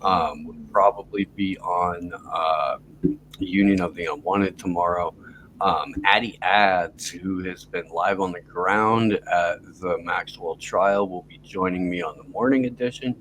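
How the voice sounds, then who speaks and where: A man's voice: deep voice, steady tone, unhurried, fairly bright tone, slight background noise, low-quality recording. A man hosting a podcast, talking loosely and profanely in a rambling casual chat. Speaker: podcast host.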